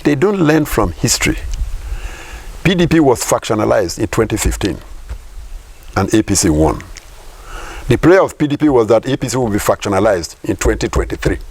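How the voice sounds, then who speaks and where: A man's voice: lowish voice, very animated, moderate pace, long pauses, a little mellow, husky. A Nigerian man, a professor, giving emphatic political commentary in an interview, repeating points and asking rhetorical questions.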